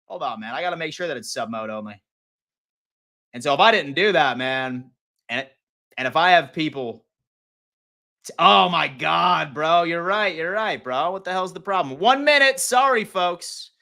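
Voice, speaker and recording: A man's voice: fairly high pitch, moderate pace, pushed and bright, no echo, studio quality. Hyped young man streaming football chat. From Western New York. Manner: loose, profane, hyped, greets chat. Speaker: sports live stream host. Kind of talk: casual live stream chat.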